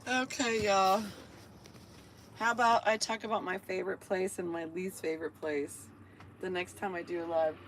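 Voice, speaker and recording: Chatty woman, live-stream vlogger in a van, slightly low voice, steady vehicle hum behind. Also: normal speed, rough recording. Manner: chatty, talks to viewers and her dog. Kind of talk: casual live-stream chat. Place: inside her van.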